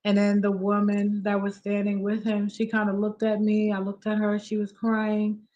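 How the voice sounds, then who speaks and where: A soft-spoken woman hosting a live stream, chatting casually and close to tears. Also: mid-range voice, completely flat delivery, normal speed, dull audio. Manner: emotional, on the verge of tears.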